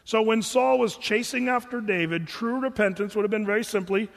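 A man's voice: sits high, brisk, vocal fry, big-room sound. A man preaching as a pastor, talking conversationally, asking rhetorical questions and acting out quotes. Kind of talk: sermon.

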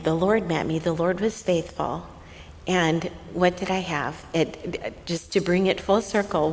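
A middle-aged woman with a lowish voice tells a family story on a faith-based talk show. She laughs often and turns soft and hushed when she quotes someone. Her voice carries a long reverb from the room, with a faint hiss underneath.

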